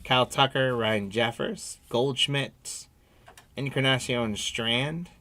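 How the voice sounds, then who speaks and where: Guy running a live card break stream, talks slow and steady, middle pitch, reads off each card and chats with viewers. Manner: unhurried, reads card names off one by one, friendly asides to viewers.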